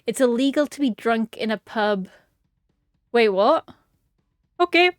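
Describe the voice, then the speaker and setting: A woman's voice: a little high, lively intonation, measured pace, no room sound, clean studio sound. A woman chatting casually and rambling playfully on a game stream, giggling often. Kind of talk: casual gaming stream chat.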